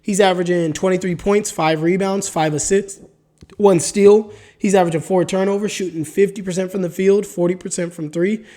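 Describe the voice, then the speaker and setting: A man's voice: high-pitched, steady tone, fairly quick, hardly any pauses, a little mellow. A man hosting his own solo basketball podcast, talking casually with slang and reading off player stats, with the hiccups. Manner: casual, slangy, hype, reads off stat lines. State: has the hiccups. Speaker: podcast host. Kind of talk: solo sports podcast talk.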